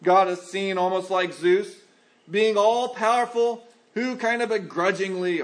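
Earnest male pastor, higher-pitched, preaching with lively voiced asides. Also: a little slow. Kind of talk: sermon.

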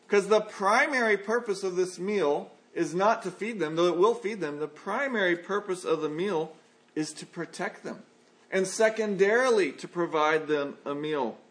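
High-voiced man preaching a sermon. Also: fairly bright tone. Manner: reads scripture then explains it with folksy asides. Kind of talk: sermon with scripture reading.

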